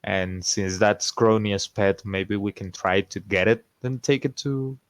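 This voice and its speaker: A man's voice: lowish voice, fairly even intonation, a little slow, no room sound. A man playing in an online tabletop game, chatting playfully and laughing often. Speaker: player. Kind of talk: casual role-play chat.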